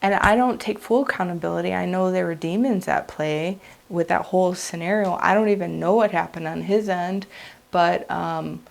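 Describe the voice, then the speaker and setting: A woman's voice: lowish voice, normal speed, creaky. A woman giving an earnest, unscripted personal testimony, speaking in a heartfelt, confessional way. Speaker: vlogger sharing a religious testimony.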